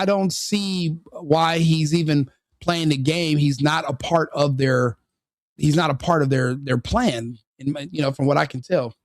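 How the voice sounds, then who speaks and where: A man's voice: fairly high pitch, no room sound, clean studio sound. A man hosting a live stream, giving opinionated commentary full of rhetorical questions and repeated restarts. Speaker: streamer host.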